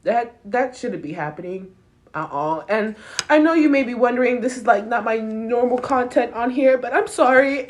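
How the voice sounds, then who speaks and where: A woman in an emotional vlog, upset, swearing and speaking haltingly with fillers. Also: a little high, lively intonation.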